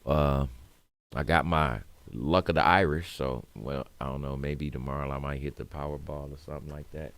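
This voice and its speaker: Detroit guy on talk radio, real deep voice, dry mic, gets loud and fired up, slangy. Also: normal speed, no room sound. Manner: animated, rising to loud emphatic rants; streetwise slang, laughs through hard talk. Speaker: radio show co-host. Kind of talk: casual talk radio monologue.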